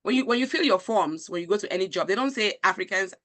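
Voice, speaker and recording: Woman, Nigerian accent, show host, passionate, reads viewer comments, bright forceful voice. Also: medium pitch, lively intonation, quick pace. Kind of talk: live-stream conversation.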